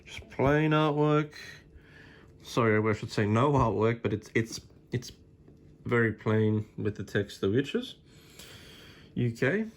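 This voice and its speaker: A man's voice: mid-range voice, lively intonation, slow, long pauses, slight background noise. Rambling man unboxing a film. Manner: rambling, with many fillers and restarts. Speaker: collector reviewing a film release. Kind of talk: casual unboxing chat.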